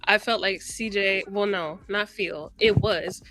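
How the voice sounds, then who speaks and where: Insistent woman with a bright voice. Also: medium pitch, a little slow, faint music behind. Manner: insistent, defensive. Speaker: panelist. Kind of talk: heated casual debate.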